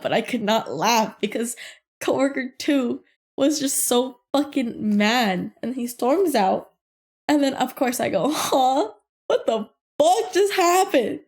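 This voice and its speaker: A young adult woman hosting a podcast, telling a workplace story in a casual, animated and profane way. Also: on the high side. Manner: animated, profane, laughs through her story. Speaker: podcast host.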